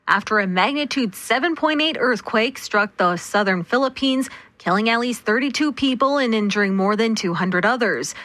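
Bright-voiced woman reading radio news. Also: a little high, dry recording. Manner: brisk, measured news delivery. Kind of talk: read newscast. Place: radio studio. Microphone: close studio mic.

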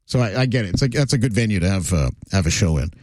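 A lowish-voiced radio host talks fast in a dry recording, spinning animated stories in casual on-air chat. Fillers crop up constantly as he goes.

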